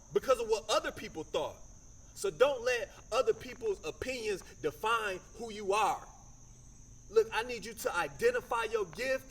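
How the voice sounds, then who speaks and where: High-voiced man telling a motivational story. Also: gravelly, a bit bright, a little hiss or hum. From Michigan, USA. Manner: conversational, storytelling with acted quotes and slang. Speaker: motivational speaker.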